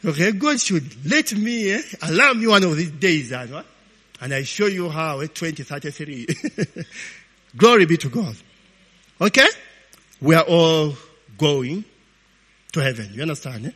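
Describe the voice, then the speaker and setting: A man preaching, telling stories in an animated, informal sermon, often tagging lines with "eh?". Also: a little high, measured pace, pauses often, breathy edge. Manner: animated, peppers talk with "eh?" and laughs. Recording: long hall reverb.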